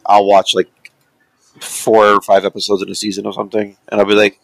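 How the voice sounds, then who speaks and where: Low gravelly man rambling casually. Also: monotone, brisk, no room sound, poor audio. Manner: rambling, loose, lots of fillers and asides. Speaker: podcast co-host. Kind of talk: casual chat.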